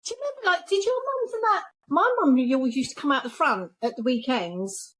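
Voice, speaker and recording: A middle-aged English woman with a fairly high voice. She reminisces in a blunt, chatty way during a casual conversation. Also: animated, brisk, a bit bright. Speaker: guest. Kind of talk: casual chat.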